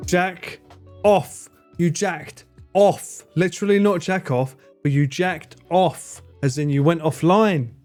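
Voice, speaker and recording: Young male streamer, high voice, unhurried delivery, teasing and sweary with viewers, faint music behind. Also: a little mellow. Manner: playful, sweary, teasing banter. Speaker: livestreamer. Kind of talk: casual chat with live stream viewers.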